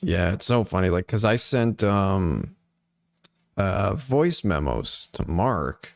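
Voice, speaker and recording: A man's voice: deep voice, big pitch swings, takes it slowly, creaky. A man, a guest on a live stream panel, chatting casually in a laid-back, rambling way with many fillers. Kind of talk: casual chat.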